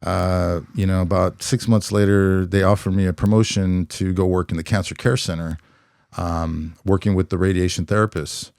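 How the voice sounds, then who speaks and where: A middle-aged man from California, a former police officer telling his story as a podcast guest in a reflective, unhurried way, with many "you know" fillers. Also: sits low, fairly even intonation, gravelly, darkish tone, clean tone, no echo, clean studio sound. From California, USA. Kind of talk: conversational storytelling.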